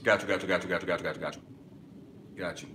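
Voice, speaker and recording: A man hosting a live music-business webinar, reading chat and answering casually, with sudden excited bursts between relaxed stretches. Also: racing. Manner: excitable bursts, then drops low and relaxed. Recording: echoey room, faint background noise.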